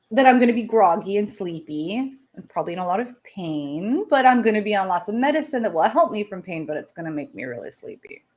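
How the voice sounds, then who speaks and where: A woman in her thirties hosts a relaxed live chat with her viewers. Her voice sits a little low, and she talks in a loose, personal way. She laughs easily and keeps dropping self-deprecating asides. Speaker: live show host talking to viewers.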